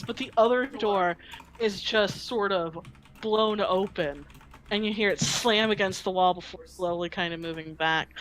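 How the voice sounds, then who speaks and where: A woman running a tabletop game as game master, narrating scenes in an unhurried, descriptive way with filler ums. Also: medium pitch, fairly bright tone, poor audio.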